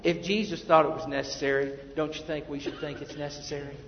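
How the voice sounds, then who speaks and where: A male pastor preaching a sermon, emphatic, then dropping to quiet asides. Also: fairly high pitch, steady tone, fairly quick, slight background noise. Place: church sanctuary. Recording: muffled, echoey church hall.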